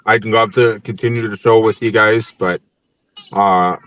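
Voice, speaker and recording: A man's voice: lowish voice, fairly even intonation, unhurried, a bit bright, no echo, muffled recording. A young adult man from Tennessee hosting a podcast in casual chat, easygoing, laughing often and using many fillers. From Nashville, Tennessee. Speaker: podcast host.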